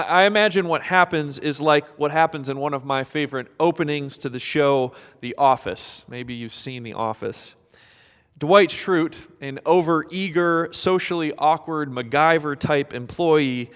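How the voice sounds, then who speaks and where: Guy pastor giving a sermon, kinda high smooth voice, big church echo, gets really dramatic. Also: fairly bright tone. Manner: dramatic, acts out voices of people in the story.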